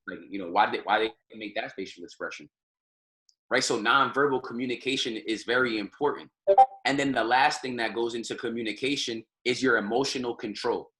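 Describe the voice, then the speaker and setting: A man's voice: mid-range voice, fairly bright tone. A man giving an informal motivational lesson on a group call, repeating phrases and tagging nearly every point with "right?". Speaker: trading community call leader.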